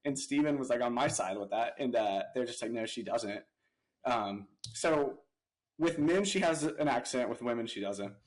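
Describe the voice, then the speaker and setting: A man's voice: mid-range voice, expressive, moderate pace, low-quality recording. A young adult man casually telling an anecdote as a podcast guest, rambling with lots of "like" fillers. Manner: rambling, heavy use of "like" fillers. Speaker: podcast guest, real estate investor.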